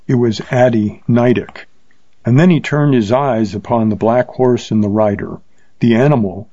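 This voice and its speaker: Mellow male audiobook narrator. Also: mid-range voice, dry recording. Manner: steady, measured storytelling. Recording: slightly dull lo-fi recording.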